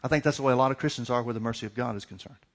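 Man, middle-aged, pastor, sermon, conversational preaching, acts out dialogue, medium pitch. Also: racing. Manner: conversational preaching with repeated questions and acted-out dialogue.

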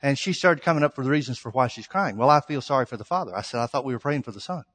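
Very fast and expressive, this male pastor has a mid-range, slightly bright voice. He preaches an emphatic, story-driven sermon in a church sanctuary, acting out quoted exchanges, with long hall reverb on the recording.

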